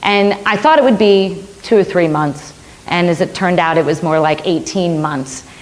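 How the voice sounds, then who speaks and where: A woman's voice: fairly low pitch, moderate pace. A middle-aged woman minister giving a sermon, telling a personal story earnestly and repeating phrases for emphasis.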